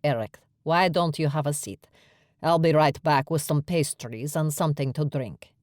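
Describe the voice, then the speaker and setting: A dignified, motherly cafe owner speaks calmly and formally, as a female narrator puts her on. The voice sits low and the audiobook read is dry. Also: moderate pace, dry recording, close to an everyday voice. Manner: calm and formal. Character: calm, dignified woman who runs a cafe, motherly. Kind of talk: audiobook character voice.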